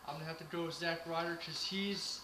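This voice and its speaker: A man's voice: a little high, steady tone, a little fast, bright, forceful tone, a little hiss or hum. Hesitant man in an echoey room. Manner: hesitant, lots of uh fillers. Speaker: co-host. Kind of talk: casual wrestling prediction chat.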